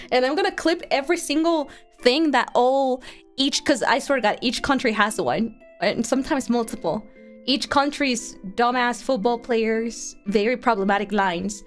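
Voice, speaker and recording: A young woman from Colombia, chatting excitably on a livestream, laughing often and swearing freely. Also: a little high. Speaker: streamer. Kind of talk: casual livestream chat.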